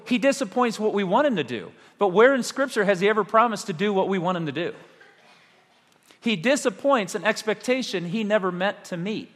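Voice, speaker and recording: Male pastor, animated sermon delivery with dramatic pauses; long hall reverb. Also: high-pitched. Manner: animated preaching with rhetorical questions and dramatic pauses.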